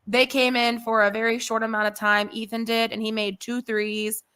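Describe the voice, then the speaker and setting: A woman's voice: a little high, little pitch movement, normal speed, pushed and bright, smooth. Emotional, swearing young woman podcaster. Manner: emotional, rambling, salty language. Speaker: podcast co-host. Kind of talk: casual sports chat.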